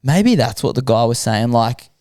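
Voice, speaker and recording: A young Australian man, a podcast guest, telling a story in relaxed casual chat and lively when he quotes others. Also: medium pitch, moderate pace, dry recording, clean studio sound. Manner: laid-back, animated when quoting people.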